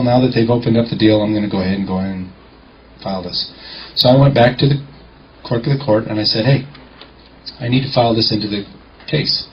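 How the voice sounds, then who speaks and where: A man telling a lively courtroom-clerk story in a confident storytelling talk, acting out the dialogue. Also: fairly low pitch, slight background noise. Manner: animated, acts out dialogue, confident. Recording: muffled lo-fi recording.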